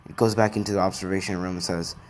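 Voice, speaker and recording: A man with a low voice tells an improvised fan story. He rambles and restarts his sentences as he goes. A faint noise sits behind him. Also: level tone, fast.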